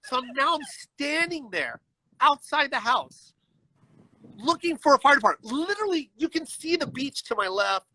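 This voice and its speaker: A man telling a personal story as a guest on a livestreamed video call, animated and acting out the people in it, often checking in with "you know what I mean.". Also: very high-pitched, normal speed, dry recording, poor audio. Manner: animated, acts out voices in his story.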